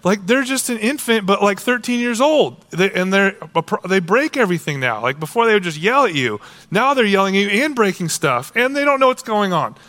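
A man preaching a sermon as a pastor, casual and animated, acting out quoted voices. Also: sits high, a little fast, few pauses.

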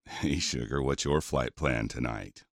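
Flirty cowboy in an audio story, super deep voice, folksy teasing talk. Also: male voice, measured pace, no echo, studio quality. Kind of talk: audio drama acting.

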